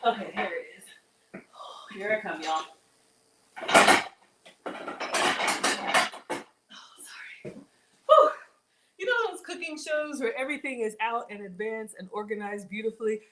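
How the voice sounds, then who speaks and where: A woman's voice: a little high, lively intonation, a little fast, very noisy. A woman hosting a casual live cooking demo from her home kitchen, chatty and upbeat, calling her viewers y'all. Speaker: cooking show host.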